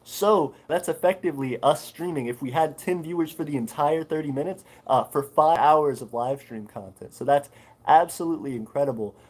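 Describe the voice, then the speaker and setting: A man's voice: a little high, moderate pace, darkish tone, rough recording. A man hosting a casual livestream, reading chat comments and answering with lots of fillers and restarts. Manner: rambling, many fillers, reads chat aloud. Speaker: livestream host.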